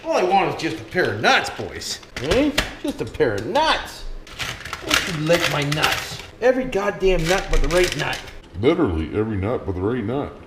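A man's voice: fairly high pitch, very animated, normal speed, background noise. Cursing Canadian man in an echoey workshop. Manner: chatty, cursing, calls viewers 'boys'. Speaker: vlogger. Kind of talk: casual workshop vlog, talking to viewers.

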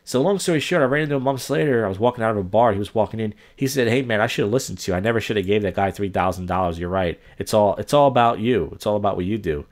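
A man's voice: fairly low pitch, rapid-fire, hardly any pauses. A young man hosting a solo podcast, rambling through a long story and acting out the people he quotes. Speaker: podcast host.

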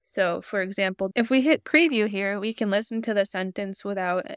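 Woman, tutorial host, smooth clear voice, dry close sound, explains step by step. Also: mid-range voice, normal speed, dry recording. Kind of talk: screen-recorded software tutorial.

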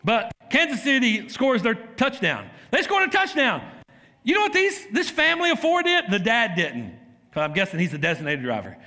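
A man preaches from the pulpit, his high voice bright and lively as it swings up and down. He tells his stories with laughter and breaks into shouts when he acts them out. The sound carries a long church-hall reverb. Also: moderate pace. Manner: animated storytelling, laughs and shouts while acting out scenes. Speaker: pastor. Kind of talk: sermon. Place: church sanctuary.

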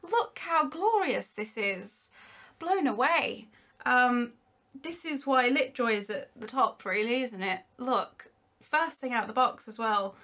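Bright-voiced gushing woman. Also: fairly high pitch, lively intonation, unhurried. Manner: gushing, giggly, exclamatory. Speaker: unboxing vlogger. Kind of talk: excited unboxing chat.

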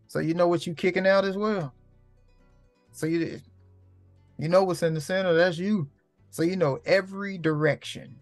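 A man's voice: on the high side, no echo. A man hosting his own show in a casual, profane monologue full of street slang, preaching and repeating lines for emphasis. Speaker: host.

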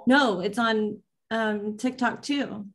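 A woman's voice: on the high side, slow pace. A woman hosting a racing recap show in a casual live stream, chatting and greeting viewers by name.

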